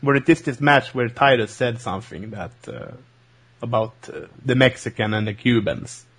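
A man co-hosting a podcast, chatting casually with hesitant, halting asides. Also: mid-range voice, animated, a bit bright, slightly rough. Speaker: podcast co-host. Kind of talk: casual chat.

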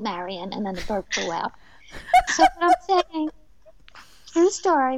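High-voiced woman telling lively stories. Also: dry recording, rough recording. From New Jersey, USA. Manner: lively storyteller who laughs often. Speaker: medium and author, guest. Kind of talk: radio interview, telling personal stories.

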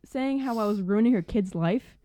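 A young woman telling a work story casually on a podcast, animated and full of "like" fillers. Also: mid-range voice, moderate pace, crowd noise.

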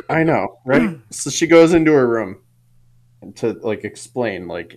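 A man's voice: medium pitch, lively intonation, normal speed, darkish tone. A man co-hosting a casual podcast, telling a family anecdote and laughing as he goes. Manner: storytelling, laughing through his own anecdote. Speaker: podcast co-host.

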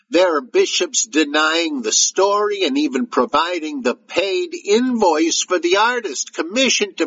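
A man reading a listener's letter in a put-on joking Canadian accent, adding "eh" to his sentences, with a husky voice. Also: fairly high pitch, a bit bright, lo-fi sound, pitched above the performer's own voice, full character voice. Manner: tacks on "eh" to sentences.

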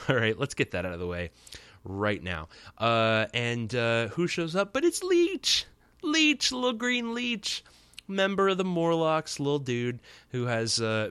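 A man's voice: on the low side, fairly bright tone, smooth, no echo. A man in his thirties hosting a podcast alone, recapping a cartoon episode in a casual, joking, rambling way full of fillers. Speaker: podcast host.

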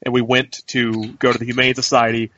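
A man's voice: medium pitch, level tone, brisk, bright, forceful tone, dull audio, a little hiss or hum. A man co-hosting a podcast who rambles and jokes, often restarting his sentences in casual chat. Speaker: podcast co-host.

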